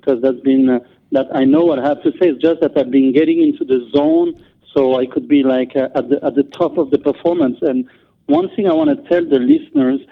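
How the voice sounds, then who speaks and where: A man's voice: fairly high pitch, brisk, creaky. French-accented man on a tinny phone line. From France. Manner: animated, many restarts and fillers. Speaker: guest. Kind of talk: interview on a call.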